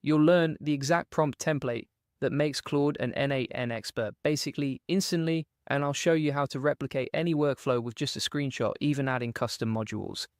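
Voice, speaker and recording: A British man giving a casual step-by-step software tutorial, often checking in with "right?" as he clicks through screens. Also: mid-range voice, a little fast, no echo, clean studio sound. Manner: casual step-by-step walkthrough, frequent "right?" and "basically". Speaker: course instructor.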